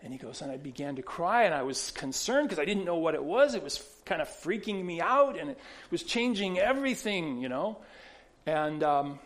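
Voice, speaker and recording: A man's voice: fairly high pitch, very animated, moderate pace, fairly bright tone. A man pastor preaching a sermon, telling stories conversationally with many restarts and repeated words.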